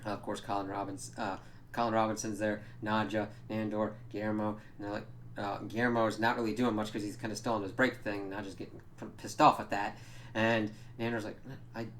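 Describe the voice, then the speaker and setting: A man's voice: lowish voice, little pitch movement, a little fast, fairly bright tone, a little hiss or hum. A man giving a casual spoken recap of a show, rambling and swearing, with lots of fillers. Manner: rambling, profane, many fillers. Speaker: show reviewer.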